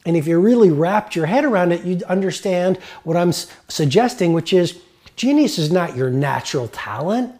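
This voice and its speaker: A man's voice: sits high, lively intonation, moderate pace, darkish tone. A man giving a motivational lecture, speaking earnestly and emphatically and repeating key phrases.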